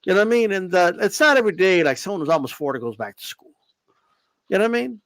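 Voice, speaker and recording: Man, high lively voice, gravelly fry, dry close sound, joking boxing chat. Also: fast talker, dry recording. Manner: joking, animated, lots of "you know what I mean". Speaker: boxing podcast co-host. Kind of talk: casual chat.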